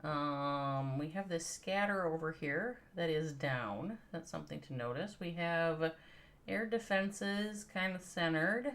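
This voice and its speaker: Speaking slowly in a low, fairly bright voice, a woman with an American Midwestern accent hangs out with viewers on her game livestream. She muses out loud and calls out their names.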